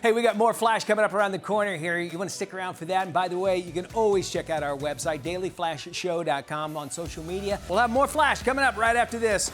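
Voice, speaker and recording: Brisk male co-host wrapping up. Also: high voice, fairly bright tone, faint music behind. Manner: brisk, promotional. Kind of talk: show outro and plugs.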